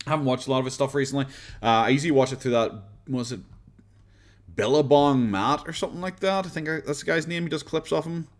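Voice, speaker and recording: A man's voice: on the high side, quick pace. A young man from Northern Ireland, a live streamer chatting casually with viewers in a rambling, blunt, profane way with frequent chuckles.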